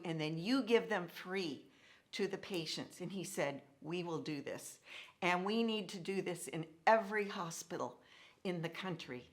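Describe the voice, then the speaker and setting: A middle-aged woman telling a personal story to an audience, acting out the dialogue she quotes. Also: on the low side. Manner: animated, acts out quoted dialogue. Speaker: speaker telling her story.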